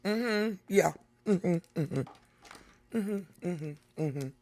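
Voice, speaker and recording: A middle-aged woman hosts a live reaction stream, chatting casually with viewers, reading the chat aloud and laughing often. Her voice is fairly low and darkish, very slow, with lively intonation.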